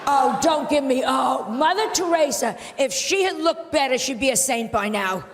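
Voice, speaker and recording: A woman's voice: sits high, expressive, normal speed, very noisy. A woman doing a brash, mocking stand-up routine on a large theatre stage. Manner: brash, mocking, punchy delivery. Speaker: stand-up comedian. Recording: archive clip, echoey hall, loud crowd.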